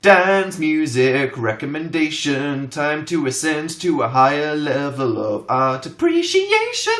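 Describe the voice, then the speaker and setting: A young man in his twenties hosting a casual livestream, telling animated stories and reading out chat comments. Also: on the high side, slow, few pauses. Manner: animated storytelling, reads chat aloud. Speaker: livestream host. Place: home room.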